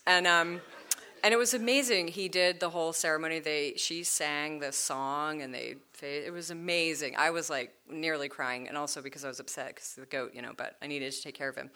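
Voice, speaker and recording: Low-voiced woman, bright punchy tone, chatty storytelling, laughs a lot, does little voices for people. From United States. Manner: animated, laughing, acts out quoted voices. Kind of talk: casual storytelling conversation.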